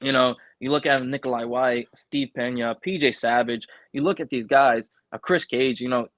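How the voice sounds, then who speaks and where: A young man with a thick New York accent, a wrestler talking casually and excitedly as a podcast guest, swearing freely. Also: mid-range voice, moderate pace, no echo, lo-fi sound.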